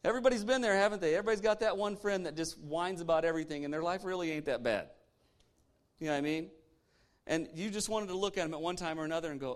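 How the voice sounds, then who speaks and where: A pastor, a man whose voice sits slightly high, delivers a lively sermon. He speaks in punchy bursts, mocks complainers in quoted asides and keeps asking the congregation rhetorical questions. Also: fast talker. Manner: animated, punchy preaching with mocking asides and sarcastic quoted voices.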